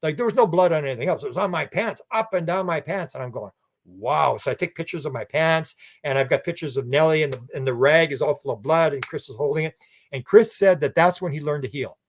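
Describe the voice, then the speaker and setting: A man as an interview guest, telling a long story in an animated, rambling way and acting out what people said. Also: on the high side, fast. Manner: animated, rambling, acts out quoted speech. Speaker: guest researcher.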